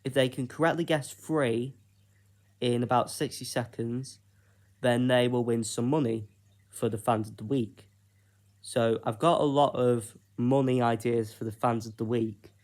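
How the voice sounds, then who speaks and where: Slow-talking British man pitching ideas. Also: fairly even intonation, darkish tone. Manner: unhurried, hesitant, with frequent fillers. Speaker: YouTuber. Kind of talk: casual solo vlog pitching ideas.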